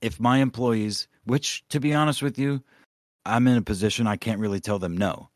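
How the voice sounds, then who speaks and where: A man's voice: lowish voice, moderate pace, no room sound, clean studio sound. A man co-hosting a podcast in casual chat, ranting with lots of swearing and rambling asides. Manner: profane, rambling rants. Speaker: podcast co-host.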